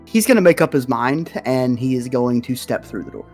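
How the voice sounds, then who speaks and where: A man's voice: medium pitch, lively intonation, moderate pace, a little mellow. Guy playing in a tabletop game, chill voice, explains what his character does, bit of music in the back. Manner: easygoing, describes his character's actions. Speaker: player. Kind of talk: casual tabletop play.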